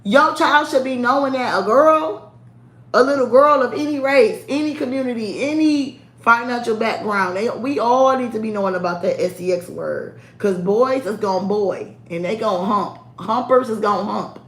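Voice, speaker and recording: A woman's voice: a little high, normal speed, a bit bright. A woman chatting casually to camera, sassy and candid, laughing often. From United States. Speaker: vlogger. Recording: echoey room.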